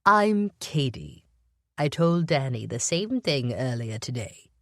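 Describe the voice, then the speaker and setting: Lady reading as a sick old woman who sees right through people, teasing and wry, low voice swinging up and down. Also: very animated, takes it slowly, a bit bright, dry recording, clean studio sound, heavily acted. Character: frail, blunt, sharp-eyed old woman, sick in bed. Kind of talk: audiobook character voice.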